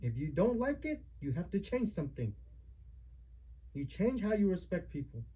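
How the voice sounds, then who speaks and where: A man's voice: sits high, sing-song, normal speed, mellow, slightly rough, low-quality recording. A man giving a family member a heated lecture at home, stern and repetitive as he scolds.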